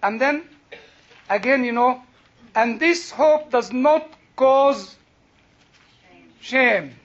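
His voice is extremely high and fairly bright, and he draws his words out. An older man with an Egyptian accent, he teaches a Bible class in a chatty storytelling sermon, laughing and restarting often, and the recording is dull and lo-fi.

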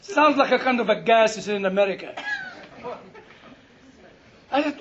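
Man, sermon, very high pitch, humorous storytelling, dull lo-fi recording. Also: normal speed, long pauses. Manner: animated, humorous storytelling with quoted exchanges. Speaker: preacher.

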